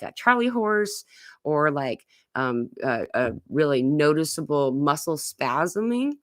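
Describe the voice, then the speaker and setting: A woman's voice: sits low, no room sound, clean studio sound. A woman hosting a live online Q&A on spiritual topics, reading viewer comments aloud and talking in a rambling, casual way with many fillers.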